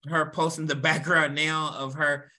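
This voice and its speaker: A man from Louisville with a Kentucky accent hosting a casual chat, brash and teasing, swearing freely and firing back quick comebacks. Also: a little high, little pitch movement, bright, forceful tone.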